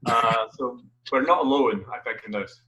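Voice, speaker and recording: A man, a full-time writer, chatting on an online panel in a hesitant, halting, wry way. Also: medium pitch, pushed and bright, poor audio. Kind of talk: casual online panel chat. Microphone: video call.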